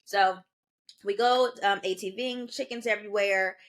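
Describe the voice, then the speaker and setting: In a casual podcast chat, a young woman in her twenties, one of the co-hosts, spins a story at a normal speed. Her mid-range voice stays lively as she performs the voices of everyone she quotes.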